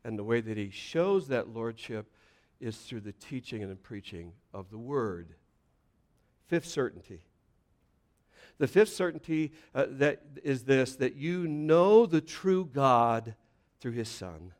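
A man preaching a sermon, reading scripture and explaining it, building to loud emphatic points and dropping to quiet, low passages. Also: animated, a little slow. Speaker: pastor.

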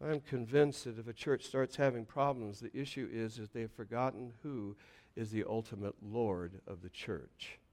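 At a moderate pace, a preacher works through a scripture reading and explains it, building up to loud, forceful points before sinking into hushed, low stretches.

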